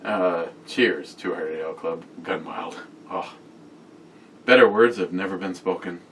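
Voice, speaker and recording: A man's voice: low-pitched, unhurried, distant mic, slight background noise. A man on a casual beer-review vlog reads out viewer comments with crude, joking humor and a lot of swearing.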